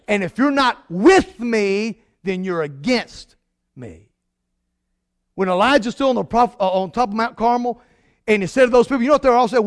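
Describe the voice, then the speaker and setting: A man preaching a sermon as pastor, emphatic, swinging from loud declarations to hushed lines. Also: high voice, animated, a little fast, no echo, studio quality.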